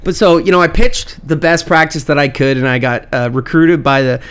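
A man's voice: on the high side, moderate pace, fairly bright tone, clear, resonant tone. A young man co-hosting a casual comedy podcast, joking, swearing and exaggerating for laughs. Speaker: podcast co-host.

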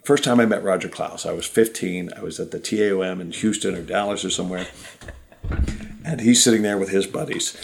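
A man in his fifties from Ohio, a magician guest telling lively anecdotes in casual conversation. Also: low-pitched, brisk, vocal fry. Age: 50s. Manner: animated anecdotes, mimics people he quotes. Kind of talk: casual storytelling.

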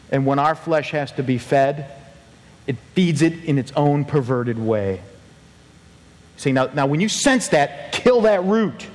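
A man preaching a sermon as pastor, animated and acting out quoted voices with big pitch swings. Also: big-room sound.

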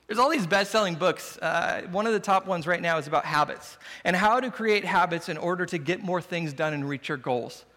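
A man's voice: high voice, expressive, a little fast, few pauses, pushed and bright. A man preaching a sermon as pastor, conversational and humorous. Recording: long hall reverb.

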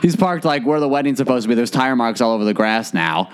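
Animated man telling a wild story. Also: medium pitch, quick pace, clean tone. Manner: animated storyteller, acts out voices of people in the story. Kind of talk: casual storytelling chat.

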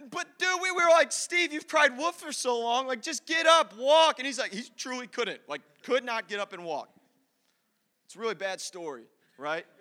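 A man preaching to a room, telling an animated personal story and acting out the voices of the people in it. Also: on the high side. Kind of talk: storytelling sermon. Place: large hall with an audience. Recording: long hall reverb.

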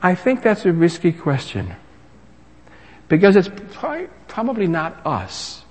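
Male preacher, lively delivery, slightly husky voice, long hall reverb. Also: on the high side. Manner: animated, rising to emphatic crescendos. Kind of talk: sermon.

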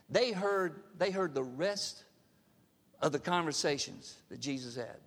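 A man's voice: high voice, lively intonation, brisk, in a large hall. A male pastor preaching a sermon, emphatic, often asking the congregation questions. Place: church sanctuary.

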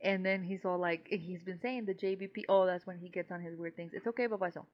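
Briskly and in a steady, lowish voice, a woman from Mexico co-hosts a casual podcast. She rambles, curses freely, laughs often, and sounds a little tipsy, all on slightly dull lo-fi audio.

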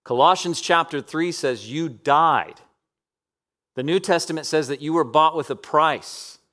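A man in his thirties preaching a sermon, swinging from loud emphatic peaks down to soft, near-whispered passages. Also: fairly high pitch, a little slow.

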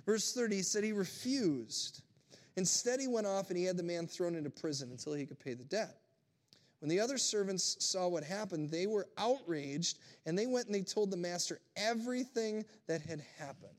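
A man preaching a sermon to his congregation, telling a story with animated energy and speaking directly to them. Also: high-pitched, normal speed. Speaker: pastor.

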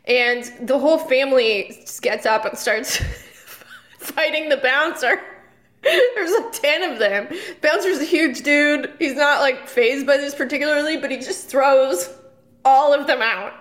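A woman's voice: high-pitched, a little slow, fairly bright tone. A woman comedian co-hosting a podcast, telling a story in a rambling casual way with lots of fillers and restarts. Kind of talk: casual chat.

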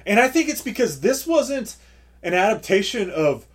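A man co-hosting a podcast, reviewing a movie in casual chat, animated and profane, laughing often. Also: high voice, moderate pace. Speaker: podcast co-host.

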